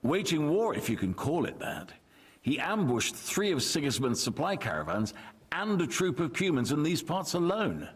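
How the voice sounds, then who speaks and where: An actor playing a measured, diplomatic medieval nobleman who is loyal to his king, in video game voice acting. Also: a little high, sing-song, breathy edge. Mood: calm. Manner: diplomatic, composed.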